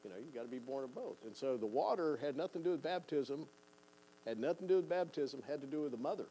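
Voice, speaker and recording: An older male pastor teaches in a relaxed, folksy way, stumbling over repeated words and slipping into little acted-out quotes. His voice is mellow and warm at an ordinary pitch. A faint hum sits under the church recording. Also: quick pace, rough recording. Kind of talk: conversational sermon.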